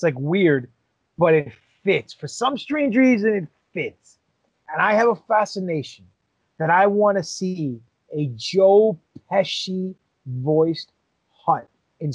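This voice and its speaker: A man's voice: on the high side, a little mellow, no room sound. A man co-hosting a podcast, explaining things as an enthusiastic fan, with some swearing. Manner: enthusiastic fan, profane, laughs often. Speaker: podcast co-host. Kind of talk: casual podcast banter.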